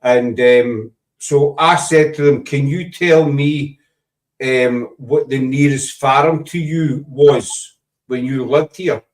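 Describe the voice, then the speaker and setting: A man's voice: mid-range voice, steady tone, takes it slowly, roomy sound, far from the mic. A Scottish man with a Glaswegian accent, chatting casually and rambling as the host of a paranormal show. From Scotland. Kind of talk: casual chat.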